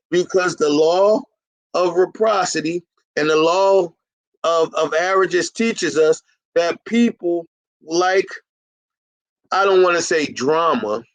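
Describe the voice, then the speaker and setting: A man's voice: sits high, no room sound, low-quality recording. A middle-aged man consulting for carpet cleaners, talking in a folksy coaching style and sometimes acting out both sides of a conversation. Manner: folksy, plays both sides of an imagined dialogue.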